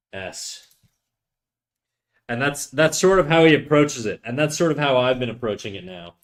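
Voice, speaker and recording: A man streaming while he draws, chatting casually with viewers and giving loose drawing tips in a rambling, joking way that often breaks off mid-sentence. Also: medium pitch. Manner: rambling, self-interrupting, jokey.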